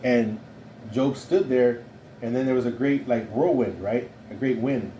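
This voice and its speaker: A man's voice: medium pitch, measured pace, dark tone, slight background noise. A man leading an informal Bible study, talking it through conversationally and often checking in with "right?". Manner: conversational, keeps asking "right?". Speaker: Bible teacher.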